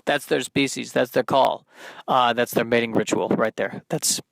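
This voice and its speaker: A man's voice: medium pitch, fairly even intonation, moderate pace, gravelly, a bit bright, dry recording. A man hosting a solo podcast, rambling in a stream-of-consciousness monologue with self-deprecating humor. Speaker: podcast host.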